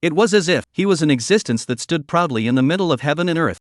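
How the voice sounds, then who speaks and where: A man narrating a fantasy comic story in scripted form, with steady storytelling delivery. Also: a little high, quick pace, no echo, clean studio sound. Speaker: recap narrator.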